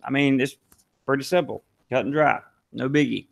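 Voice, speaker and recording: A man's voice: mid-range voice, moderate pace, creaky. A man with a Southern US accent, hosting a casual live stream and answering viewer comments aloud. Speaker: live-stream vlogger reading chat.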